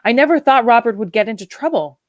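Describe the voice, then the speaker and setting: A woman's voice: on the high side, animated, quick pace, no echo, voice pushed up, close to an everyday voice. A woman reading the part of a shy, nervous young bride who speaks in hesitant, flustered pleas. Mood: apologetic.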